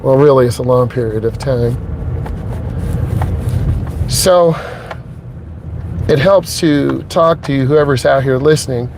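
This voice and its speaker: A man's voice: mid-range voice, takes it slowly, gravelly, long pauses, noisy background. A middle-aged man, a driving instructor, talking earnestly and emotionally to his viewers from inside his truck while driving, repeating his points and checking in with "okay?". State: emotionally shaken.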